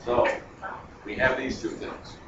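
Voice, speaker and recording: A man giving a math lecture at a board, chatty and digressive, thinking aloud as he goes. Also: slow pace. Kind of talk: classroom lecture. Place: classroom. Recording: echoey classroom, distant lo-fi mic, noisy.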